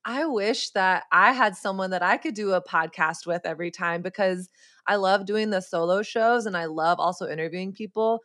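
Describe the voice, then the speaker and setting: A woman's voice: medium pitch, normal speed, a bit bright. A woman podcast guest chatting enthusiastically with friends. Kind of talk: casual chat.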